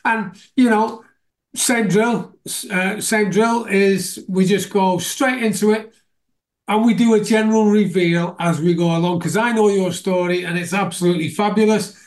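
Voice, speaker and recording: A man's voice: sits high, steady tone, moderate pace. A man from Scotland hosting a casual interview, chatty and enthusiastic, laughing often. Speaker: podcast host.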